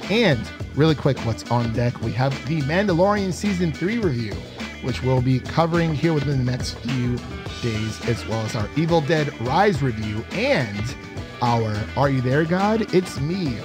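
A man's voice: medium pitch, lively intonation, unhurried, over music. A man co-hosting a podcast, chatting casually and laughing often as he rambles through a review. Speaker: podcast co-host.

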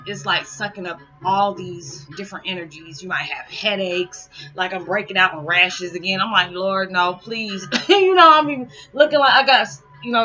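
A middle-aged woman, chatting casually to camera at home, rambling and correcting herself and laughing often. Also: fairly low pitch. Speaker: spiritual vlogger. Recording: dull lo-fi sound with loud music behind. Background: meditation music playing.

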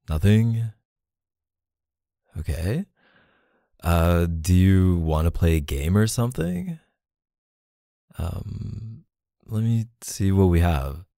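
A man's voice: lowish voice, vocal fry, mellow, dry recording, studio quality, full character voice. A man playing a flustered, pleading boyfriend. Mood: coaxing. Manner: pleading, flustered, defensive, sighs often. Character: defensive boyfriend in a jealous argument. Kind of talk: whispered role-play.

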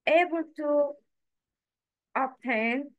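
A woman with a slightly raised voice explains letter sounds at a very slow, deliberate pace. She spells out each sound one by one, like a patient teacher. The recording is dry and close, with no room echo. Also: high voice, highs cut off. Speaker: Quran pronunciation teacher. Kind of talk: slow, careful teaching with repeated example sounds.

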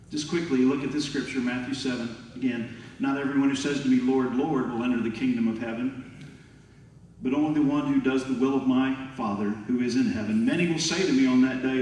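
A man preaching a sermon as pastor, emphatic and lively, sometimes acting out quoted voices. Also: mid-range voice, far from the mic, slight background noise. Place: large church hall. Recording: echoey hall from afar.

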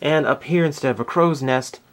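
A man's voice: on the high side, normal speed. A man hosting a casual toy review video, chatty and enthusiastic, with self-deprecating asides.

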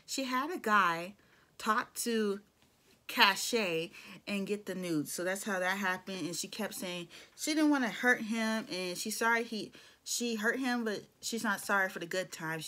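A woman's voice: medium pitch, normal speed, a bit bright. A young adult woman giving a casual, opinionated recap of a reality show, with blunt asides. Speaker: show reviewer.

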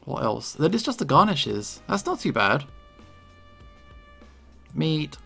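A man giving casual gameplay commentary, relaxed and thinking aloud as he plays. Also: fairly high pitch, takes it slowly, gravelly, husky, soft background music. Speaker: gaming video creator.

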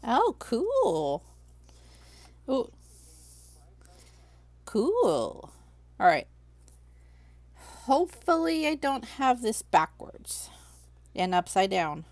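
Woman crafting streamer, slow and chatty, raised pitch with gravel in it. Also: very animated, dry recording. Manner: chatty, talks to herself while working, reads chat aloud. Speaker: crafting livestream host. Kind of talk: casual livestream crafting chat.

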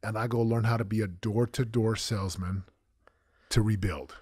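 In a candid interview, a former football champion in his forties tells his story with animated flair, acting out the quotes. His voice is lowish, slightly rough and at a normal speed. It's a dry, studio-quality recording.

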